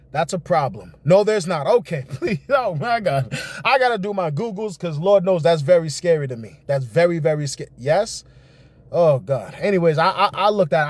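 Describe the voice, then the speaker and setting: A man's voice: high voice, no echo. A young man giving casual, rambling political commentary on a livestream, reacting to chat as he goes. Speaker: livestream host.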